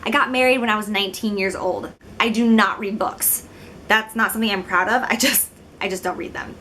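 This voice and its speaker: A woman's voice: mid-range voice, steady tone, brisk, sharp tone, slight background noise. A young woman in her twenties, from Illinois, talking casually to the camera in a chatty, giggly, self-deprecating way. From Illinois, United States. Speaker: beauty vlogger.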